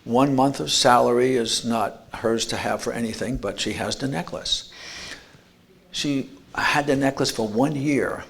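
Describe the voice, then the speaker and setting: A man's voice: mid-range voice, a little slow, gravelly, a bit bright, husky. A man giving an earnest motivational talk at an expo, telling stories and restarting words. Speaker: speaker. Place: expo lecture room.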